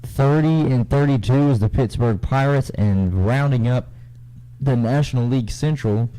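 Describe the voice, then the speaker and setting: A young man co-hosting a casual radio sports talk show, reading standings in a relaxed, drawling way. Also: medium pitch, moderate pace, low-quality recording. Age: young adult.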